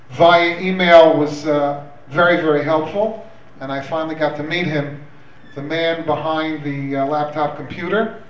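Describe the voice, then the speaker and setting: A man's voice: a little high, lo-fi sound, slight background noise. A man hosting a live community evening, chatty and hesitant, mixing Hebrew words into his English. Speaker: event host and organizer. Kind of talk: live event talk with a joke. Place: hall at an evening community event. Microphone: handheld microphone, away from the recorder. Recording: echoey hall, voice from far off.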